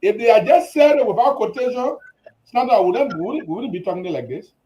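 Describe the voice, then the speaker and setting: Man, lively halting talk. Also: extremely high pitch, muffled recording, a little hiss or hum. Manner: hesitant, repeats words while searching. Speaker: guest commentator. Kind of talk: political talk-show discussion.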